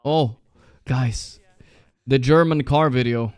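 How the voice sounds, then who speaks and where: A young man streaming live, chatting casually, reacting loudly and swearing often while he plays a guessing game. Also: medium pitch, slow, clear, resonant tone, dry recording.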